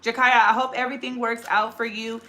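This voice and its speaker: A woman in her thirties hosting a casual livestream on her phone, chatting quickly as she reads out viewer comments. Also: a little high, flat delivery, pushed and bright, a little hiss or hum. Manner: very fast, rapid-fire talker. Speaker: livestream host.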